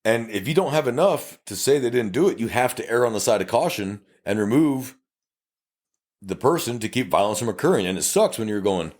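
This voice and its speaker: A police officer with a South Texas accent co-hosts a podcast, speaking fairly quickly at medium pitch. He tells a story animatedly, full of profanity and acted-out dialogue, in a casual chat.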